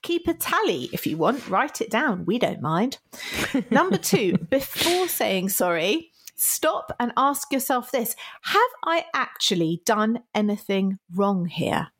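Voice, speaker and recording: A woman's voice: on the high side, big pitch swings, takes it slowly. Laughing woman podcast co-host. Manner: laughs often, acts out apologetic quotes. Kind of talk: casual podcast chat.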